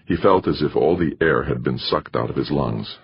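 A man narrating an audiobook in steady storytelling. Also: extremely low pitch, moderate pace, vocal fry, highs cut off, a little hiss or hum. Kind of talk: scripted narration.

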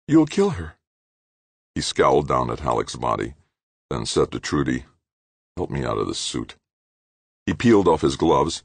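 A man narrating a science-fiction thriller audiobook in a lively, dramatic reading. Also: a bass voice, creaky, husky, no room sound. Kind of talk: scripted narration.

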